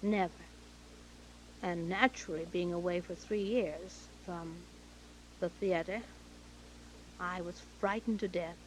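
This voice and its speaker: A woman's voice: on the low side, slow, long pauses, slight background noise, rough recording. A woman from Canada, interviewed about her career, who tells anecdotes vividly and acts out the dialogue of the people in them. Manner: lively storyteller acting out quoted dialogue. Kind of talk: anecdotal storytelling.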